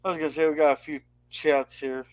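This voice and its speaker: A man co-hosting a casual livestream from home, with a notably high voice. He talks haltingly and keeps restarting his sentences, and the sound is very dry and close. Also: little pitch movement, dry recording. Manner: halting, hesitant, full of fillers and restarts. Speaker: livestream co-host. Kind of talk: casual live-stream chat.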